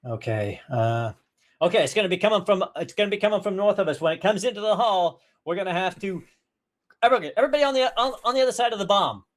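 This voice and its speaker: Dude doing a flustered guy crushing on his old teacher, stammers a ton, kinda high. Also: animated, fast talker. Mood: commanding. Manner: stammering, rambling, restarts a lot. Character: awkward, smitten grown man at a school reunion.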